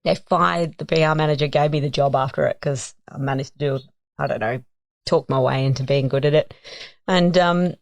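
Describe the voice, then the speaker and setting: An Australian woman in her thirties tells a story on a podcast. Her voice is low and she talks in an animated, casual way, slipping into other people's voices as she goes. The sound is dry and close to the mic. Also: fairly quick, creaky, no room sound. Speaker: guest.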